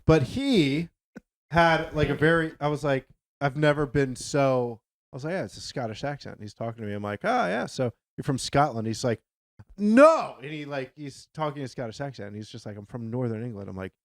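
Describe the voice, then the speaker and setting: A man co-hosts a loose, casual podcast. He rambles through anecdotes at a plain middle pitch and swears offhandedly. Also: a little fast. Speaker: podcast co-host. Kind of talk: casual chat.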